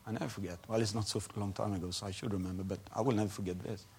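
A man preaching a sermon and telling a testimony, in non-native English phrasing, moving between quiet storytelling and loud emphatic preaching. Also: fairly low pitch, fairly even intonation, racing, slightly rough.

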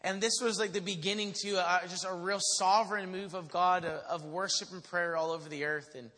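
Bright high-voiced man preaching in a hall. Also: a little fast, hardly any pauses. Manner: animated storyteller who acts out quotes. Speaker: pastor. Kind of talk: sermon testimony to a congregation. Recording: long reverb of a large hall.

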